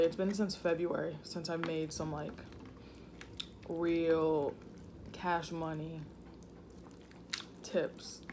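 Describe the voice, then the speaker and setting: A woman's voice: sits low, a little mellow, slight background noise. A woman vlogger chatting casually and slangily between bites while eating at home. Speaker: mukbang vlogger. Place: home room indoors. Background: faint thunderstorm.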